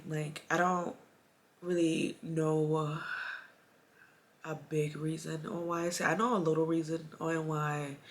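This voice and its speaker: A woman in her late twenties talking to camera in a personal vlog, soft and halting with sighs, holding back tears. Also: sits low, vocal fry, slight background noise. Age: late 20s. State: tearful, holding back crying. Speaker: vlogger.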